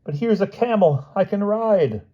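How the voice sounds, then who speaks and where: A man's voice: animated, measured pace, mellow, muffled recording. A man voicing a lost, frightened male villain who yelps indignant legal jargon. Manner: shrill, pleading, indignant outbursts. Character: panicky lost adult male villain spouting lawyer talk.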